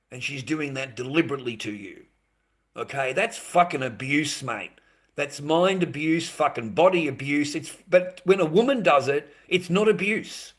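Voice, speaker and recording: A man's voice: on the high side, fairly bright tone. A man hosting a livestream, ranting bluntly and swearing constantly, repeating his points and calling viewers mate. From Australia. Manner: repetitive, addresses viewers as mate. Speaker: livestream host. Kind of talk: livestream rant.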